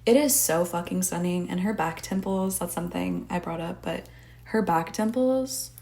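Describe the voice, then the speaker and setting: A woman's voice: on the low side, moderate pace, creaky, warm tone. A woman hosting a casual podcast, rambling with lots of filler words and cursing freely. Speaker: podcast host.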